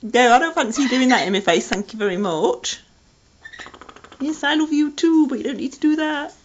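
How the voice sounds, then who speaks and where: Cooing woman, high and swooping. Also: expressive, moderate pace. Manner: cooing baby talk, playful and teasing. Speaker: pet owner filming her parrots. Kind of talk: home video, chatting to pets. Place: at home indoors with pets. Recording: dull, slightly hissy home video.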